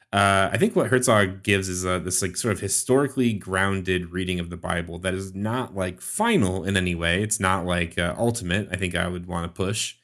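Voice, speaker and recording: A man's voice: low-pitched, a bit bright. A man co-hosting a podcast as a scholar of religion, wry and musing in casual chat with many fillers.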